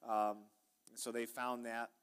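A man's voice: medium pitch, level tone, slow pace, clean tone. A male pastor, preaching a sermon in a church sanctuary in a folksy, chatty way and calling out to the congregation. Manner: folksy, chatty preaching with audience call-outs.

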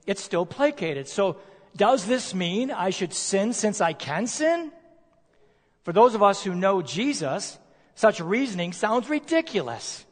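A male preacher delivering a sermon, emphatic, posing rhetorical questions and slowing down to stress key words. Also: high-pitched, very animated. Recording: long reverb of a large hall.

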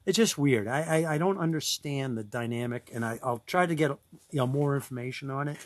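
A man's voice: mid-range voice, fairly quick, no echo. A man co-hosting a casual podcast chat, talking loosely with many restarts and frequent laughter. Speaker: podcast co-host.

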